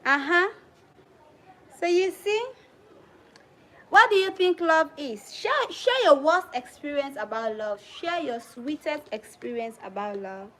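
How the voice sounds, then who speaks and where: A woman's voice: sits high, expressive, takes it slowly, a bit bright, low-quality recording. A young woman from Sierra Leone with a Krio-tinged English accent, hosting a casual livestream and talking straight to her viewers, slipping into Krio phrases now and then. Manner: chatty, addresses viewers directly, drops into Krio phrases. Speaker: livestream host.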